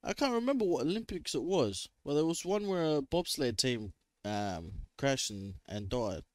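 A man's voice: mid-range voice, animated, moderate pace, darkish tone, no echo, studio quality. A man with an Australian accent, chatting casually and laughing easily as he reacts to a film he is watching.

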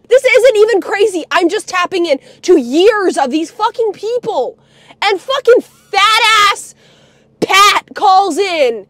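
Young woman streamer, very high pitch, close dry sound, heated profane ranting. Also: animated, slow, fairly bright tone, no echo. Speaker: livestreamer. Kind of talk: livestream rant.

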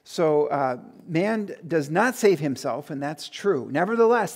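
Chatty pastor with a slightly high voice. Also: male voice. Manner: conversational, many fillers and restarts, chuckles at his own stories. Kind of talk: sermon.

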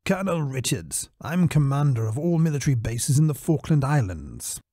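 Stiff posh colonel, clipped and formal, read by a man. Lively pitch. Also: moderate pace, no echo, studio quality.

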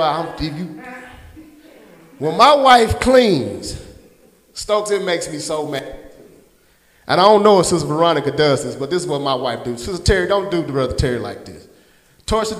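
A man preaching from the pulpit in a strikingly high voice, calling on his congregation to answer back and naming people in the pews. His words ring out with a long hall reverb. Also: fairly bright tone. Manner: call-and-response preaching, addresses congregants by name. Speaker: pastor. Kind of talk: sermon. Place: church sanctuary.

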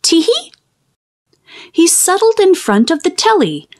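A woman reading a children's book aloud in an expressive, animated way. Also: fairly high pitch, a little slow. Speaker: children's storyteller.

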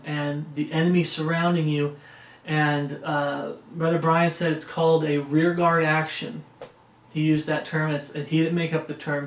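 A man preaching an informal sermon, reading scripture aloud and checking in with his listeners. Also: a little high. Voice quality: conversational, frequent "uh" and "okay?" check-ins. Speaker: preacher leading a Bible study. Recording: roomy echo.

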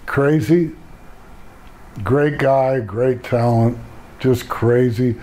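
A man's voice: medium pitch, drawn-out words, mellow. An older man, a retired pro wrestler, telling rambling laid-back stories in a casual interview and laughing at his own jokes.

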